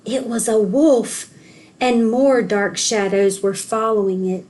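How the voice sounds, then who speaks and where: A woman reads a children's storybook aloud in a clear, fairly high voice. She tells it expressively and at an easy pace, as a school counselor would for young listeners. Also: slow, a little mellow.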